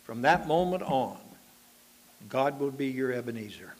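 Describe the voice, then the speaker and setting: A man preaching a sermon, earnest and steady. He lifts his voice to stress a point, then falls soft and low to plead with his listeners. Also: moderate pace. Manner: earnest, rising to emphatic appeals then dropping quiet.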